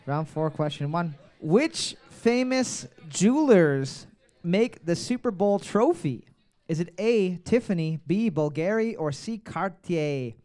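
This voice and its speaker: A man with a high, smooth and resonant voice runs a comedy trivia night. He reads every question twice and fills the gaps with crude, joking banter. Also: animated, slow, darkish tone. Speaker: trivia host.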